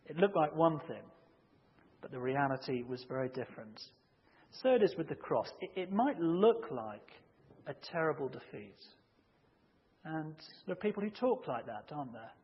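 Male preacher, emphatic sermon delivery, muffled lo-fi hall recording. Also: a little high. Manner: measured, emphatic, building to loud acted shouts in anecdotes. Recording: muffled audio with long hall reverb.

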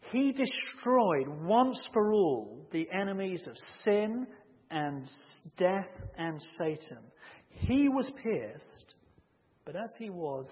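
Man preaching in a reverberant hall. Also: on the high side. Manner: measured, emphatic, building to loud acted shouts in anecdotes. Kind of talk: sermon. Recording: muffled audio with long hall reverb.

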